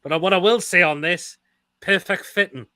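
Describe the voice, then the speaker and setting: A man's voice: high voice, normal speed, sharp tone, dry recording. A man co-hosting a casual live stream and reading viewer comments aloud.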